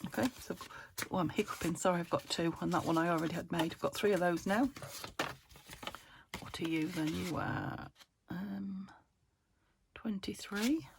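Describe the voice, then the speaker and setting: A woman from the UK hosting a casual craft tutorial, chatty and self-chiding as she thinks aloud while working, her voice still slightly croaky. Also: on the low side, fairly even intonation, moderate pace, background noise. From United Kingdom. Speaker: crafting channel host.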